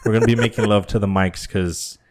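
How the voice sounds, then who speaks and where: A man's voice: fairly low pitch, steady tone, fairly quick, crowd noise. A man co-hosting a casual podcast, rambling and joking through the chat. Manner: rambling, joking, talks over co-host. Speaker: podcast co-host.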